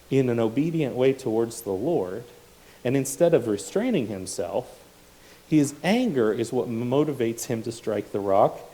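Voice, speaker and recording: A man's voice: medium pitch, warm tone, rough recording. A man preaching a sermon, reading scripture and explaining it with casual asides and self-corrections.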